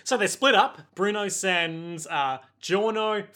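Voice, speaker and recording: Bright-voiced man recapping an anime. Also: sits high, slow. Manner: laughs often, jokey recaps. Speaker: podcast co-host. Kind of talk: casual anime recap chat.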